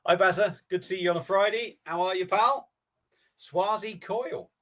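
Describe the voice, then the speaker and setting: A man's voice: fairly high pitch, a bit bright. Rambling, matey man streaming live. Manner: rambling and matey, casual swearing. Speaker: beer review streamer. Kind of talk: casual live-stream chat.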